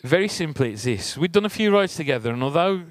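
A man's voice: fairly high pitch, lively intonation, quick pace, no echo. A man giving a conversational sermon, telling a personal story and asking the congregation rhetorical questions. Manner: chatty, asks the audience rhetorical questions. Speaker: church speaker.

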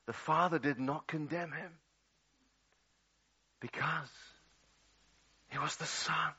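A man preaching a sermon, swinging dramatically between loud outbursts and hushed, low passages. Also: slow, husky. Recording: dull lo-fi audio.

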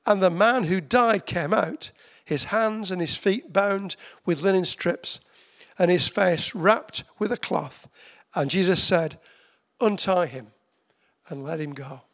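Gravelly, high-voiced preacher. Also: male voice, fairly bright tone. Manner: conversational, with slow emphatic repetitions. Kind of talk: sermon.

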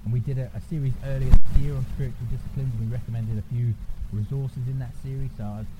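A man's voice: medium pitch, fairly even intonation, quick pace. A man giving a conversational sermon, informally checking in with his listeners. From England. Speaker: preacher. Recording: noisy church recording.

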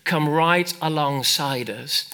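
Bright-voiced preacher, emphatic. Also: male voice, a little high, slow, clear, resonant tone. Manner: animated, emphatic, calls out to congregation. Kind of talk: sermon.

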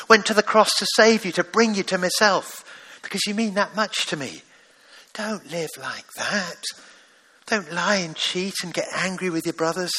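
A preacher putting on a loving heavenly father, speaking softly and a little slower than the sermon around it. The voice stays fairly high and bright but gentle and coaxing, pleading patiently with his children. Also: breathy edge, in a large hall, full character voice. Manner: gentle and coaxing, repeats "come on".

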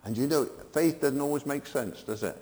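An older man preaching a sermon, swinging between emphatic peaks and quiet asides. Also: medium pitch, moderate pace, in a large hall, slight background noise.

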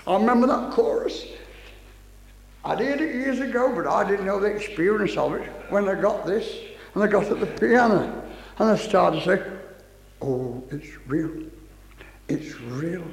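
An older man preaching with fervour, his voice pitched very high. He reads scripture and exclaims with zeal. His voice rings with a long echo through a church hall. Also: moderate pace, vocal fry. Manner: fervent, exclaiming, breaks into song. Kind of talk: fervent Pentecostal sermon with scripture reading. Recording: echoey hall reverb.

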